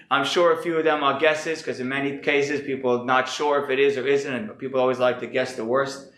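A man teaching a class as a rabbi, earnest and reflective, his voice a little hoarse from being sick. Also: mid-range voice, fairly even intonation, fairly quick, hardly any pauses, fairly bright tone, reverberant, rough recording. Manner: earnest, reflective, thinking aloud. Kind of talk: earnest lecture.

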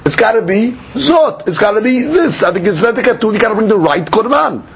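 A man's voice: high voice, expressive, a little fast, gravelly, slightly rough, lo-fi sound. A man giving a daily Talmud lecture, explaining each step by asking and answering his own questions. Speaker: Talmud teacher.

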